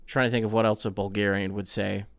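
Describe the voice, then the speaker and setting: A man's voice: fairly low pitch, quick pace, vocal fry, dry recording, studio quality. A man hosting a casual podcast, reading listener emails aloud and joking around with frequent laughs. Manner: animated, joking, often laughing, swearing. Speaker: podcast host.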